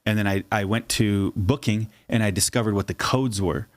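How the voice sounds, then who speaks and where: A man in his fifties co-hosting a casual Bible study talk show, telling stories in an animated way and acting out the voices of other people. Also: on the low side, normal speed. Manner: animated storyteller, acts out voices. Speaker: podcast co-host.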